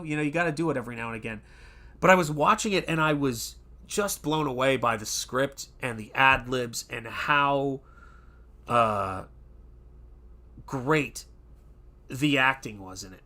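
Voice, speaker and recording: A man's voice: fairly high pitch, bright, forceful tone. A man hosting an art channel, chatting casually and rambling, with many fillers and restarts. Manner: does quick pirate voices in quotes. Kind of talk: casual livestream chat.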